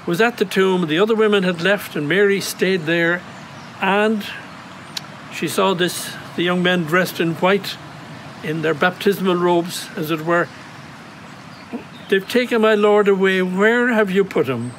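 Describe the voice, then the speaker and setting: An Irish priest giving a reflective homily outdoors at a grotto, telling stories in a gentle, conversational way. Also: male voice, sits high, slight background noise, poor audio. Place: outdoor grotto on monastery grounds.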